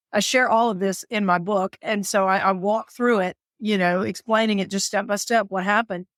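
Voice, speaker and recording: A woman from the southern United States, a caregiver and author, telling a story as an interview guest in an animated, dramatic way, quoting herself with sudden high voices. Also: no room sound, clean studio sound.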